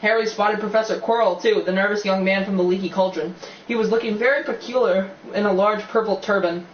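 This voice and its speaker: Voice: mid-range voice, steady tone, fairly quick. An amateur audiobook reader narrating a novel, stumbling and restarting now and then, with casual asides. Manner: reads with slips and restarts, chatty asides. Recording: dull, roomy, distant recording with faint hiss.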